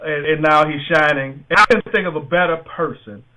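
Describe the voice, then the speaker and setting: A man's voice: a little high, a little fast, bright, forceful tone, poor audio. A man hosting a casual sports talk radio show, rambling with many fillers and restarts, with an American accent.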